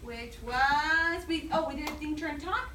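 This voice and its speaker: Teacher leading a class, recorded from far off. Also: female voice, sits high, measured pace. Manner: leaves sentences open for the class to finish. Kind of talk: classroom lesson. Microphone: recorder far across the room. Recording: echoey room from far off, loud noise.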